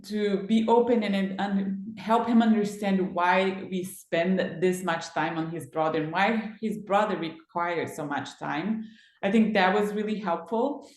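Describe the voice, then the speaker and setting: Female panelist, heartfelt, slow, mid pitch, echoey room. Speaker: parent panelist. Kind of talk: roundtable discussion.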